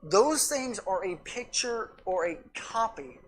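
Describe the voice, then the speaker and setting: A woman's voice: mid-range voice, animated, slow, slight background noise. Emphatic woman pastor preaching. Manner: emphatic, repetitive preaching with anecdotes. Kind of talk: sermon. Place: church sanctuary.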